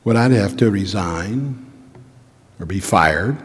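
Earnest pastor in a reverberant hall. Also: male voice, on the low side, animated, takes it slowly, husky. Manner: earnest, reflective storytelling with rhetorical questions. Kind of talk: sermon. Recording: long reverb of a large hall.

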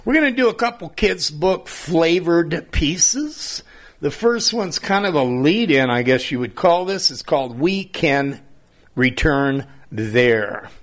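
An older man, a poet, reading his own humorous rhyming verse aloud in a slow recitation. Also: on the high side, expressive.

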